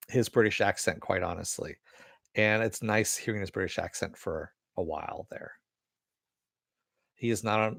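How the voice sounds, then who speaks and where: A lowish, gravelly male voice comes through at studio quality with no room sound. He's a podcast host chatting loosely over listener comments and entertainment news, easygoing and profane, laughing often.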